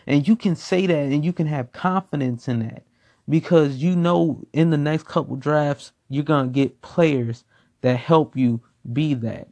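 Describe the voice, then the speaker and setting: A man's voice: a little high, a little slow, vocal fry, mellow. A man giving a casual football opinion rant, blunt and profane, repeating himself for emphasis. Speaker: sports commentator.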